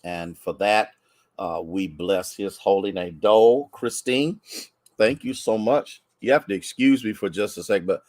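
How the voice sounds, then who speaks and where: An American man, a pastor, chatting warmly with livestream viewers and greeting them by name, a bit congested from sneezing. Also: fairly low pitch, measured pace, no echo.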